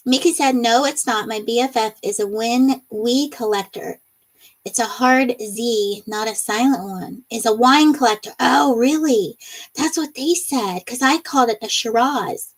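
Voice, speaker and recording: A woman's voice: a little high, moderate pace, husky, poor audio. A woman hosting a casual livestream, reading viewer comments aloud and laughing often between them. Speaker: livestream host. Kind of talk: casual live-stream chat reading comments.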